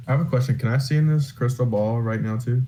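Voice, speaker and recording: A man's voice: medium pitch, fast, warm tone, a little hiss or hum. A man playing a tabletop game in casual, joking chat. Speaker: player.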